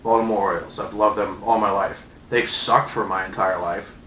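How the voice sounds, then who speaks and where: A man's voice: fairly low pitch, steady tone, normal speed, slight background noise. Angry 30s guy ranting about his team, cussing a lot, echoey room. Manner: furious, profane, sarcastic, with loud outbursts. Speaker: vlogger. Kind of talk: angry sports fan rant.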